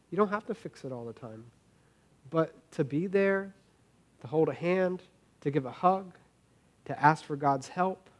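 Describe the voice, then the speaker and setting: A man in his thirties preaches in an easy, conversational way, earnest and informal. His voice sits a little higher than most men's, and he often stumbles over and repeats words as he thinks aloud. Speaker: pastor. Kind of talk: conversational sermon.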